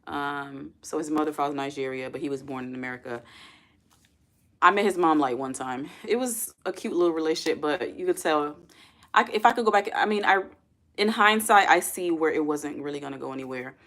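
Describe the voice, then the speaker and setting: A young woman talks casually on her own livestream, her voice sitting a little low. She rambles easily, calls her viewers y'all and keeps tossing questions to the chat. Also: a little fast, fairly bright tone. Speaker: livestream host.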